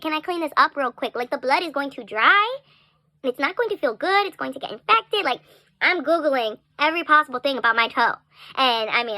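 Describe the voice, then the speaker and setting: Bright, high-voiced chatty young woman. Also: no echo. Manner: chatty, animated, frequent "like" and laughs. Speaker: storyteller. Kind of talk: casual storytime vlog.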